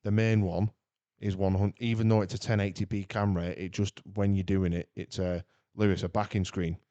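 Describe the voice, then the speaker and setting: A man talking loosely on a podcast, his voice low and warm. He rambles and jumps between thoughts, with plenty of energy. The sound is dry and close to the mic. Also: fairly quick, no room sound, muffled recording. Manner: rambling, animated, chatty. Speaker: podcast co-host. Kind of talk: casual chat.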